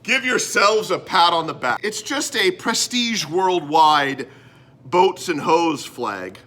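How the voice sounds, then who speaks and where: A Canadian man hosting a rambling comedy show from a room, theatrical and self-mocking, swinging between loud bits and mumbled asides. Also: on the high side, expressive, takes it slowly. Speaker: host. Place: indoor room.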